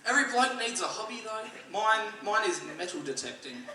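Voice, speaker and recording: A young Australian man doing dry stand-up comedy at a church service, loudly acting out the voices in his stories. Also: high-pitched, very animated, fairly quick, slight background noise. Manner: dry storytelling, acts out quoted voices loudly. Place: church hall. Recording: echoey hall, mic at a distance.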